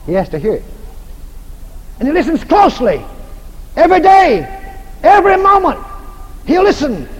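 A man's voice: very high voice, huge pitch swings, moderate pace, long pauses. A male preacher giving a folksy, humorous sermon that repeats its points for emphasis. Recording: echoey hall, faint noise.

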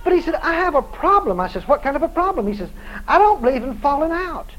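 A man's voice: very high voice, very animated, fast talker, fairly bright tone, rough recording. A male preacher telling a story in a sermon, acting out both sides of the conversation and often laughing as he tells it.

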